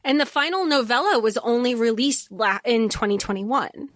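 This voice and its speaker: A woman's voice: fairly high pitch, moderate pace, no echo, clean studio sound. A woman co-hosting a podcast in casual book chat, thinking aloud with many hedges. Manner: thoughtful, hedging, many fillers. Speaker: podcast co-host.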